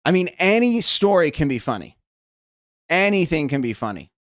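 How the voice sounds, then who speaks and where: A man's voice: on the high side, big pitch swings, moderate pace, fairly bright tone, no room sound, studio quality. An American man rehearsing stand-up on a live stream, rambling and self-mocking and starting his lines over again and again. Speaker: streamer trying out stand-up jokes.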